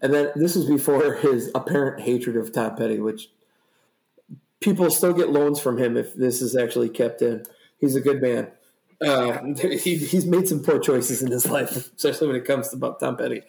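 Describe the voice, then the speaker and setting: Gravelly, rambling young man in an echoey room. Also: mid-range voice, moderate pace. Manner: rambling, profane, animated storytelling. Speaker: podcast co-host. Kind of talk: casual chat.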